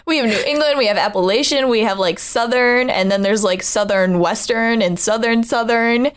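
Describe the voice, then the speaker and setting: A chatty woman co-hosting a podcast in casual chat. She talks in a somewhat high voice, rambles from one story to the next and laughs often. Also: normal speed, smooth. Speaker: podcast co-host.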